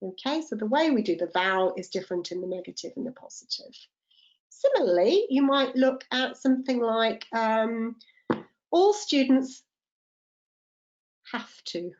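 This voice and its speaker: A woman's voice: on the high side, normal speed, highs cut off. A woman, a tutor running a live online teacher-training lesson, explaining step by step and checking in with the group. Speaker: TEFL tutor.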